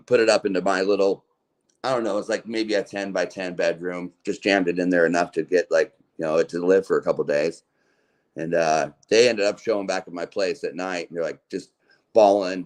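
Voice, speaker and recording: A man from Utah, a podcast guest, telling long casual stories in a laid-back, slangy way, full of "like" and swearing. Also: sits low. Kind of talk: casual storytelling.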